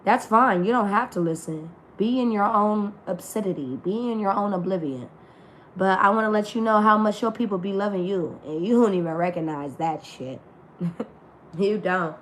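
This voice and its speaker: A woman of medium pitch and moderate pace reads tarot for her viewers, with a little hiss or hum in the recording. She's loose, slangy and profane in this online spiritual reading, and her voice is still healing.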